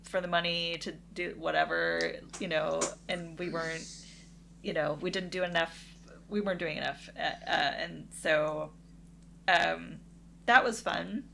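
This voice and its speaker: A woman's voice: fairly low pitch, steady tone, unhurried, creaky, bright, forceful tone, slight background noise. A woman co-hosting a podcast, telling a story in a chatty, wry way with fillers. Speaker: podcast co-host. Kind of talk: casual storytelling.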